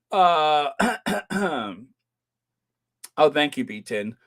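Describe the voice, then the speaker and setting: Slow, rambling American man. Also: mid-range voice, fairly bright tone. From United States. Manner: chatty, rambling, joking asides with many fillers. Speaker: host of a royal news channel. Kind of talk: casual commentary.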